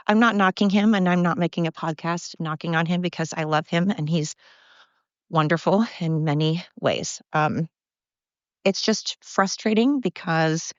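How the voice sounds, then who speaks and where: A woman's voice: lowish voice, no echo, highs cut off. Breathless chatty woman on a walk. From Oregon, USA. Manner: chatty, digressive, blunt, swears freely. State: out of breath from walking. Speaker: podcast host. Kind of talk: rambling walk-and-talk monologue. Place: outdoors by a river, walking dogs. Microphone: phone held while walking.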